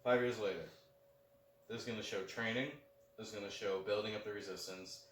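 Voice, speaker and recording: Low-voiced young man, loose podcast talk. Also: fairly even intonation, brisk, a bit bright, a little hiss or hum. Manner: loose, heavy use of "like", confident predictions. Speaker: podcast co-host. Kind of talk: casual chat. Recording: roomy echo, mic at a distance, faint background.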